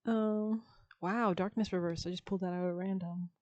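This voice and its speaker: A woman's voice: lowish voice, steady tone, moderate pace, darkish tone, lo-fi sound. A woman giving a casual, chatty tarot reading, full of slang and filler words and breaking into frequent laughs. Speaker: tarot reader.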